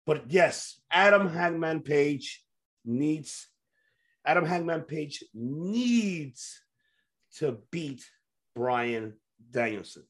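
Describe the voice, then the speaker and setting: Excitable man gushing about wrestling. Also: a little high, drawn-out words. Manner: excitable, swears freely, laughs often. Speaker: podcast host. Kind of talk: casual wrestling chat.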